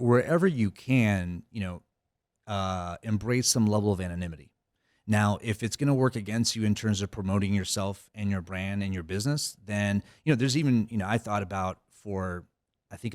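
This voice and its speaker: In casual conversation as a podcast guest, a middle-aged cybersecurity CEO rambles with many fillers and restarts. His voice is fairly low and a little mellow, moving a little fast, and the studio-quality audio has no room sound.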